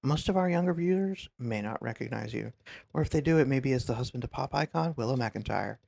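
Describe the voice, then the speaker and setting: A man's voice: medium pitch, lively intonation, fast, creaky, a little mellow. A man voicing a slick TV talk show host who talks in showy presenter patter.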